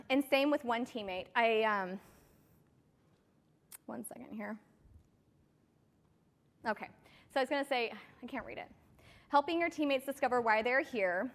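A woman with a slightly high voice gives a motivational talk to her team, chatty and loose, full of little fillers. Her voice carries a long reverb, as if in a large hall. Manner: chatty, filler-heavy storytelling. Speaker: team leader speaking to her sales team.

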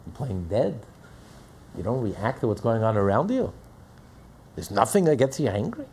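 A man's voice: medium pitch, big pitch swings, normal speed, darkish tone, a little hiss or hum. A man teaching a religious lesson in an emphatic manner, with rhetorical questions and repeated phrases. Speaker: Torah teacher.

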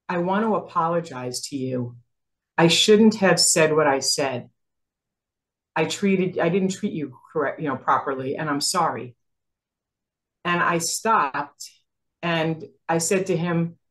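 Animated woman in her sixties. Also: lowish voice, slow, pauses often. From New Jersey. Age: 60s. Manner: animated, acts out quoted dialogue, laughs often. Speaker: guest. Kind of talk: storytelling in a casual interview.

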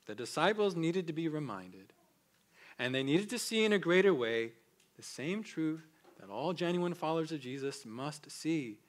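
A man pastor preaching a sermon, swinging between loud emphatic peaks and hushed low passages.

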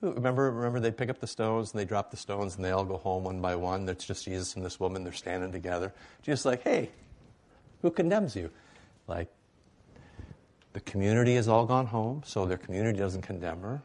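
A man's voice: deep voice, steady tone, quick pace, few pauses, a little mellow. A middle-aged man preaching a sermon to a congregation in an easygoing, conversational way, often checking in with "right?".

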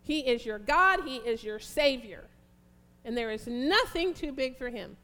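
Slow, high-voiced woman preaching. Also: expressive, bright, forceful tone. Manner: fervent, prayerful, slow and emphatic. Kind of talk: sermon with scripture reading.

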